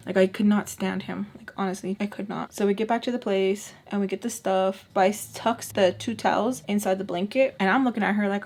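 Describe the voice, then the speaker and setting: A woman telling a casual storytime while doing her makeup, chatty and exasperated, often dropping into hushed asides. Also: medium pitch, fairly even intonation, a little fast, hardly any pauses, a little hiss or hum. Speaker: storytime vlogger.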